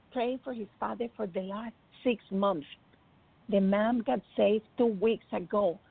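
A woman's voice: fairly high pitch, creaky, no room sound. A woman telling an emotional faith testimony in an earnest way, acting out the voices she quotes. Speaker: speaker sharing a personal faith testimony. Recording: tinny phone-like dry sound.

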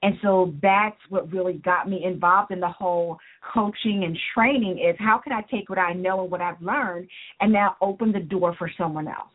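A woman's voice: lowish voice, normal speed. A woman business coach and author, speaking earnestly and motivationally as an interview guest. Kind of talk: interview guest on a talk show. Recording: tinny phone-line sound.

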